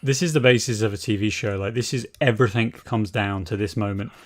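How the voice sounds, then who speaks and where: A man co-hosting a podcast in casual, animated chat, swearing and laughing as he talks. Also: lowish voice, a little fast. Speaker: podcast co-host.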